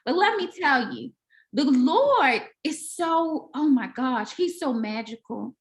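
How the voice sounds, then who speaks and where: A young adult woman interviewing a guest, telling personal stories in a casual, animated way and acting out what others said. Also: slow pace. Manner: animated storyteller, acts out quotes with big pitch jumps. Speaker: interviewer, daycare owner turned author.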